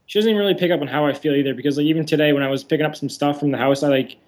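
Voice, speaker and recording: A man calling in to a show, telling his story in a rushed, frustrated, casual way. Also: fairly high pitch, a little mellow. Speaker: caller. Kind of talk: call-in conversation.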